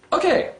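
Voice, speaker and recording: A man giving a comedic film review, exasperated and swearing, swinging between mutters and shouts. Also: reverberant, a little hiss or hum. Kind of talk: ranting comedic movie review.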